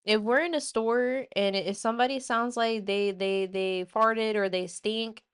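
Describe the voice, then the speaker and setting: A woman hosting a casual opinion show, ranting in an animated, blunt way with plenty of swearing. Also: fairly high pitch, unhurried, smooth. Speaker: host.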